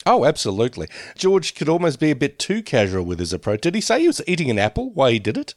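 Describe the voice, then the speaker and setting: Chatty, expressive podcast guy. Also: fairly high pitch, quick pace, dry recording, studio quality. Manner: chatty, rambling, laughs often. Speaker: podcast co-host. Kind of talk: casual chat reviewing a sitcom.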